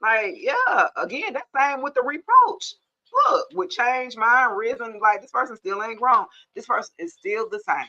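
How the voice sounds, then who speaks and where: Young woman, bright edge, sassy and blunt tarot reader, casual delivery on a lo-fi phone mic. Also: a little high, very animated, moderate pace. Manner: sassy, blunt, laughing asides. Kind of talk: casual tarot reading to camera. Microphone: phone or camera mic.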